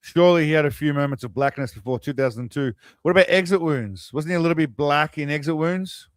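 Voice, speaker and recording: A man's voice: on the high side, fast talker, dry recording. Man, stream host, rambling chat, dry close sound. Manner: rambling, chatty, speaks to viewers. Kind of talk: casual live-stream chat.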